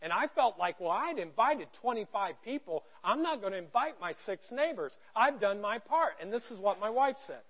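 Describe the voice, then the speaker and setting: A middle-aged man preaching a sermon from a church stage, conversational and joking, going from quiet to loud. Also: high voice, very animated, normal speed, hardly any pauses, muffled recording. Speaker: pastor.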